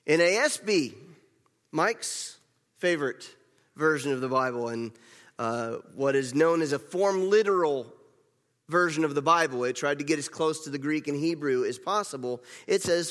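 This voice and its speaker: A man's voice: a little high, moderate pace, a bit bright. A male pastor giving a conversational sermon, repeating phrases for emphasis. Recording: long reverb of a large hall.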